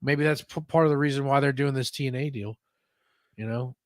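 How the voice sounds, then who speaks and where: A man's voice: medium pitch, steady tone, brisk, dry recording, clean studio sound. A man hosting a casual wrestling chat podcast, often stammering and restarting his sentences. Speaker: podcast host.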